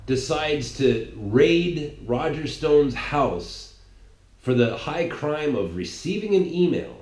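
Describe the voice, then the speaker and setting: A man holds forth in a heated, rambling political rant, stumbling over and repeating his words as he pushes his point. His voice sits at an ordinary middle pitch. The room around him rings back with noticeable echo. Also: a little mellow. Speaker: political commentator. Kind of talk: ranting monologue.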